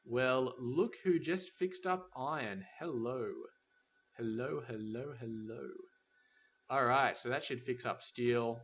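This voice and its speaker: A man's voice: medium pitch, a little slow, few pauses, a bit bright. A man giving casual let's-play commentary, thinking aloud as he plans a factory and chides the game's robots and trains. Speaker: gameplay commentator.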